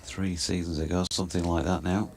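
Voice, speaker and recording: A man giving measured ball-by-ball cricket commentary, describing each delivery in detail. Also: sits low, level tone, darkish tone, a little hiss or hum.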